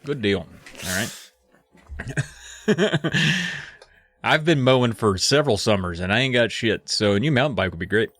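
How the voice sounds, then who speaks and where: A man's voice: fairly low pitch, expressive, moderate pace, pauses often, a bit bright, no room sound. A man co-hosting a comedy podcast, casually recapping a story with rambling, laughing asides. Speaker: podcast co-host.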